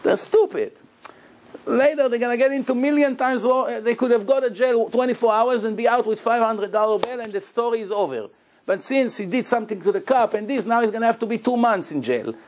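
A man speaking as a rabbi in a Torah lecture, with animated storytelling, rhetorical questions and acted-out dialogue. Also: extremely high pitch, a little fast.

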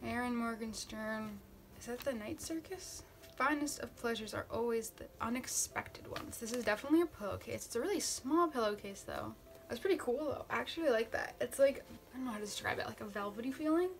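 A young woman vlogging as she unboxes gifts, chatty and gushing with excitement. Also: fairly high pitch, fairly quick. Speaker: book vlogger. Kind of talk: casual unboxing vlog.

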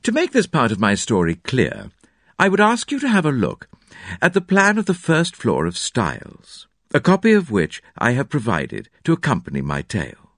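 A man narrating a classic detective novel in an expressive, dramatic storytelling manner. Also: mid-range voice, normal speed, dry recording, clean studio sound. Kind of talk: audiobook narration.

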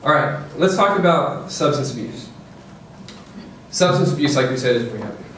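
A man giving a lively, joking parenting talk to an audience, often checking in with "okay?" and "right?". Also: mid-range voice, normal speed, recorded from a distance, slight background noise. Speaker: presenter to parents. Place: presentation room with audience. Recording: echoey room, voice from afar.

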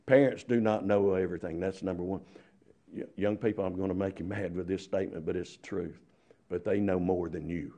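A man's voice: deep voice, steady tone, a little fast, mellow. A man preaching a sermon, emphatic and full of rhetorical questions.

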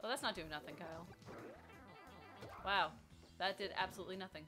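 A woman co-hosting a casual let's play, excitable, squealing and making silly beep noises as she plays. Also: lowish voice, a little fast, over music. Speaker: gameplay co-host.

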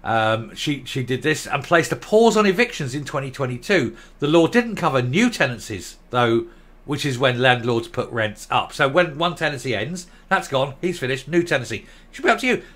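A man's voice: mid-range voice, sing-song, normal speed, fairly bright tone. A man giving ranting commentary, blunt, sarcastic and combative.

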